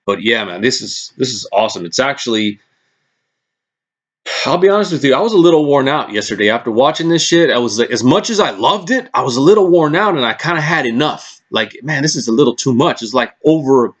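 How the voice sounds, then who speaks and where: Excitable swearing man ranting on camera. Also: mid-range voice, fairly quick. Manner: excitable, swears a lot, frequent restarts. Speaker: vlogger recapping press conferences. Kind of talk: casual profane rant.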